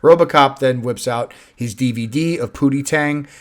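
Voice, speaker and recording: A man's voice: mid-range voice, moderate pace, noisy background. A man hosting a casual movie review chat, recapping the plot with swearing and laughter. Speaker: movie review podcast host.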